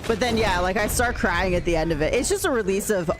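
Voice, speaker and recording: A woman's voice: mid-range voice, fast, noisy background. A woman chatting casually with her viewers while playing a game, laughing often as she talks. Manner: chatty, laughs often, reads and answers chat. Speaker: game streamer. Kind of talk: casual chat while gaming.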